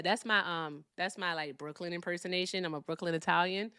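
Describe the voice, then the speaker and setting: A woman hosting a casual live stream, animated and laughing often while talking to her chat. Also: lowish voice, a little fast, hardly any pauses, smooth, no room sound, clean studio sound. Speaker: livestream host.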